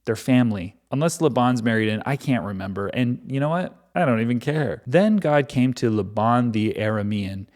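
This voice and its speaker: A man's voice: mid-range voice, animated, normal speed, few pauses, darkish tone. A man reading a Bible chapter aloud and breaking off for sarcastic, mocking asides between verses. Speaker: Bible reader and commentator. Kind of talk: Bible reading with irreverent commentary.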